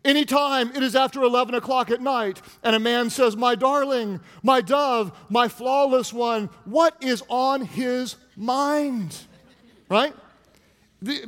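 A pastor delivers a humorous sermon, playfully teasing his congregation in a very high-pitched, slightly bright male voice. The long reverb of a large hall surrounds the recording.

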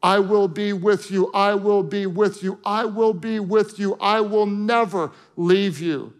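A man's voice: sits high, steady tone, measured pace, soft background music, pitched above the performer's own voice. A man voicing a loving divine father who speaks earnestly to his son in a sermon. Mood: urging. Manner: earnest, pleading, solemn.

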